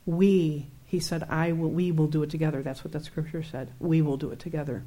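A middle-aged woman teaching about faith in a chatty, animated way, laughing often and acting out her own outbursts. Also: low voice, fairly quick. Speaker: Christian teacher. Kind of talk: conversational Bible teaching.

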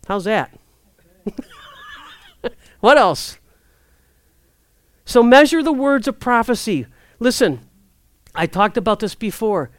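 A woman preaching a sermon in a conversational, lively way, acting out prayers and inner thoughts. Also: a little high, normal speed, no echo.

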